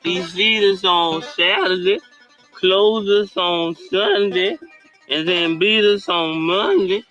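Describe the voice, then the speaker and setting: A man playing a bewildered, rambling figure in a comedy skit, talking in a slow, unsure way. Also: high voice, expressive, sharp tone, dull audio, faint music behind, exaggerated voice. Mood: puzzled.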